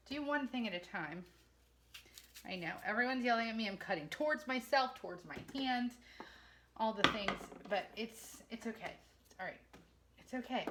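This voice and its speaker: A woman's voice: a little high, background noise. A woman in her forties, chatting casually and poking fun at herself as she talks to viewers while cooking in her home kitchen. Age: 40s.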